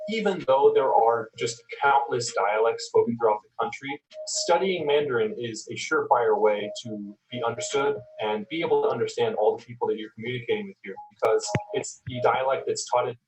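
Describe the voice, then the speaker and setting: A man's voice: mid-range voice, far from the mic, rough recording. A young American man from Texas narrating a video as a student of Chinese, conversational and explanatory. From United States, Texas. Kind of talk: documentary voice-over narration.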